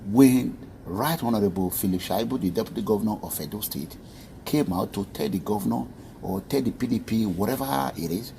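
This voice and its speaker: A man's voice: fairly low pitch, gravelly, darkish tone, slight background noise. A man with a Nigerian accent narrating a commentary vlog, chatty and addressing viewers directly.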